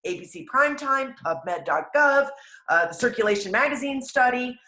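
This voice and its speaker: A woman giving an energetic, enthusiastic motivational training talk to a sales team, telling stories with animated emphasis. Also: high-pitched, moderate pace, echoey room. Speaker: network marketing trainer.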